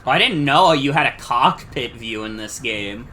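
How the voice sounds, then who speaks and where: A man's voice: medium pitch, lively intonation, moderate pace, sharp tone. A man streaming a retro game, chatting casually with lots of filler words and cursing. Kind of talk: casual gameplay commentary.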